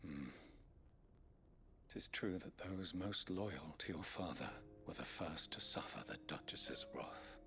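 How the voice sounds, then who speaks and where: An actor playing a loyal, courtly scholar-aide in a video game, speaking with formal deference. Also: male voice, low voice, slow, pushed and bright, in a whisper, heavily acted. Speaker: game character. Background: game music.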